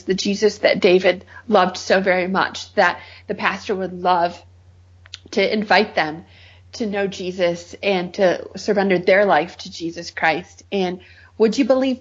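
Interview guest: middle-aged woman, husky, earnest testimony, muffled recording. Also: mid-range voice. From Michigan. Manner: earnest, heartfelt storytelling.

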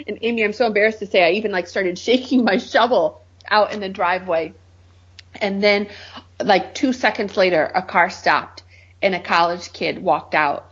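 Interview guest: middle-aged woman, husky, earnest testimony, muffled recording. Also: medium pitch, normal speed. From Michigan. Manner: earnest, heartfelt storytelling.

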